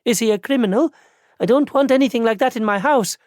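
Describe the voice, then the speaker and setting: A man's voice: very high-pitched, quick pace, a little mellow, dry recording, clean studio sound, voice pushed up. A man voicing a wary middle-aged half-goblin landlady with a strong Barajese accent in an audiobook. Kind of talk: audiobook character voice.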